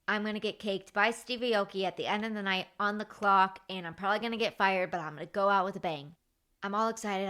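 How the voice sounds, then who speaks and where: Brief: woman in her thirties hosting her podcast, bright and forceful tone, lively anecdote telling. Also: medium pitch. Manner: animated, chatty, with many fillers. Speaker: podcast host. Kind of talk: casual storytelling.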